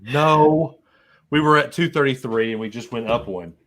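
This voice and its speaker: Bright-voiced joking podcast co-host man. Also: mid-range voice, moderate pace. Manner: jokey, stammering restarts, sings silly bits. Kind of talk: casual chat.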